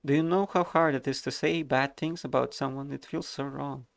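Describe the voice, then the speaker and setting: A man's voice: mid-range voice, steady tone, normal speed, creaky, no echo, lightly acted. A man voicing a perky, timid young woman. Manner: chirpy and apologetic. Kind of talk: reading game dialogue aloud.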